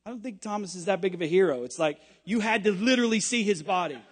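A man preaching a sermon with passion, rising at times to shouting. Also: sits high, quick pace, breathy edge, big-room sound.

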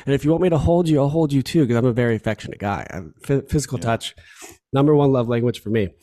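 A man's voice: mid-range voice, very fast, dark tone. A man from Chicago talking earnestly and from the heart as a podcast guest, often repeating himself. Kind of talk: candid conversation.

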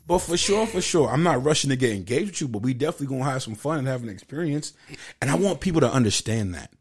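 A man co-hosting a relaxed podcast with a mid-range voice. He talks loosely and playfully, in heavy slang and swearing. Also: mid-range voice, quick pace, slightly rough. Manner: loose, profane, joking slang. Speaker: podcast co-host. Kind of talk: casual podcast chat.

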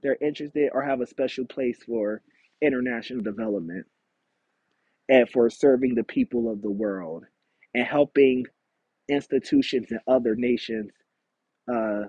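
A man's voice: mid-range voice, fairly even intonation, normal speed, mellow, husky, dry recording, highs cut off. A man hosting a solo podcast, talking in a rambling, frank, confessional way from an outdoor backyard. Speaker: podcast host. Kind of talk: candid solo podcast monologue.

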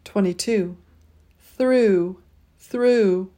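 A woman leading a pronunciation drill, saying each word twice and pausing so listeners can repeat. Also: medium pitch, warm tone. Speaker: pronunciation teacher.

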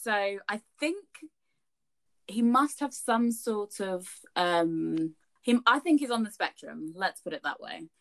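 A woman's voice: medium pitch, slow, creaky. A young woman, telling a story in casual podcast chat, swearing freely. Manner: chatty, frequent swearing, animated retelling. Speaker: podcast co-host.

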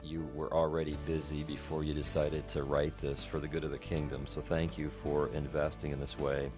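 A man hosting a ministry podcast who affirms his guest and closes the show in a steady, encouraging way. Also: extremely low pitch, moderate pace, over music. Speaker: podcast host. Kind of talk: podcast interview and outro.

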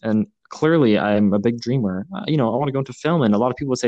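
A young man hosting a podcast, talking in an earnest, reflective way, pausing often with fillers. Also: medium pitch, warm tone, dry recording, lo-fi sound. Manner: earnest, thoughtful, halting with many fillers. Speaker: podcast host. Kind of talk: reflective casual podcast talk.

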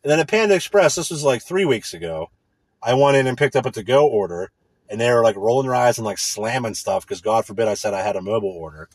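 A man's voice: medium pitch, expressive, quick pace, husky, no echo. A man in a casual, profane, indignant rant. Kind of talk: casual ranting monologue.

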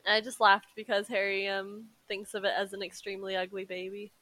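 A woman's voice: mid-range voice, flat delivery, a little fast, bright, forceful tone, no room sound. A woman co-hosting a podcast in a casual book discussion, laughing often between remarks. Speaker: podcast co-host.

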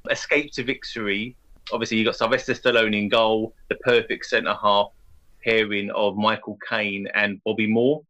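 A man co-hosting a podcast, telling anecdotes in a lively, laughing way. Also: lowish voice, lo-fi sound. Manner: animated, laughing storytelling. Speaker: podcast co-host. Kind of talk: casual chat.

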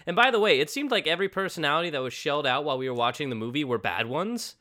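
Lively bright-voiced male podcast co-host. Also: on the high side, racing. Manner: animated, acts out quotes in voices. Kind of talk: casual chat.

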